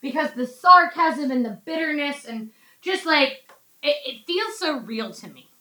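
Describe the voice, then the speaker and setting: A woman teaching a casual Bible study, chatty and animated, acting out quotes from the text. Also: high-pitched, a little slow, reverberant, poor audio.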